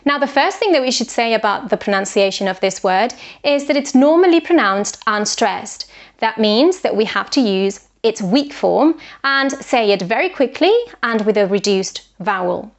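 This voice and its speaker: A woman giving an online English pronunciation lesson, explaining rules clearly and carefully modelling example words. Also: a little high, animated, normal speed.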